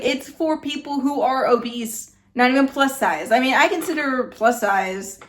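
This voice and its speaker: Blunt, chatty woman with a high voice. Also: moderate pace, hardly any pauses. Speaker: reaction video host. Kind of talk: casual reaction commentary.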